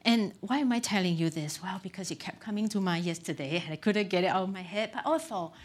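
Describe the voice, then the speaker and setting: A woman's voice: fairly low pitch, normal speed. A middle-aged woman pastor giving a conversational sermon, candid and self-deprecating, with frequent "um" and "you know.".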